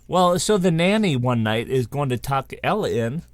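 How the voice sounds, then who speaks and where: A man's voice: mid-range voice, animated, normal speed. A man co-hosting a show, telling a spooky story in a casual, rambling way with many restarts and asides. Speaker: co-host.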